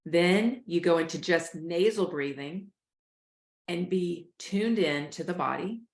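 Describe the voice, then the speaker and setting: A woman coaches listeners through a breathing exercise at a calm, steady pace. Her voice sits a little low. The recording has a roomy echo. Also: slow. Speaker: host, life coach. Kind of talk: guided breathing instruction.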